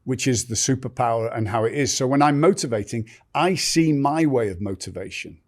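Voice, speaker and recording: A man's voice: medium pitch, fairly quick. Middle-aged man telling stories animatedly. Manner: animated, acts out other people's lines. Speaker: podcast guest. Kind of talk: storytelling in conversation.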